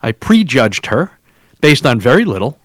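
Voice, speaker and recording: A man's voice: medium pitch, sing-song, moderate pace, no room sound, clean studio sound. A man from the Northeast US co-hosting a podcast, talking casually in a rambling, self-mocking way and swearing freely. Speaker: podcast co-host. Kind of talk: casual chat.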